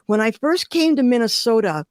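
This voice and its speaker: In a storytelling interview, a glass artist from Detroit, an older woman, recounts vivid and emotional stories with great expressiveness. She speaks at a moderate pace in a fairly high voice, and the sound is echo-free.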